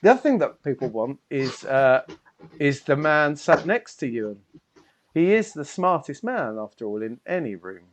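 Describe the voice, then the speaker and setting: A man's voice: a little high, very animated, normal speed, slight background noise. A man hosting and running a tabletop game stream, joking and slipping into mock French phrases. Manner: playful, jokey, slips into a mock French accent. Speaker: game master.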